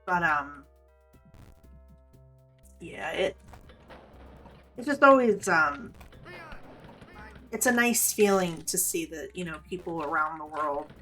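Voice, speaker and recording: Low-voiced, foul-mouthed woman streamer. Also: takes it slowly, pauses often, bright, forceful tone, faint music behind. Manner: profane, rambling, candid storytelling. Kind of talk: casual gameplay commentary.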